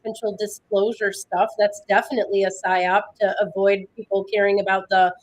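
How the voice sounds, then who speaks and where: A woman with an ordinary mid-range pitch chats in a laid-back, rambling way. Her sentences wander and often trail off mid-thought. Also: little pitch movement, a little fast. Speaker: co-host. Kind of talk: casual chat.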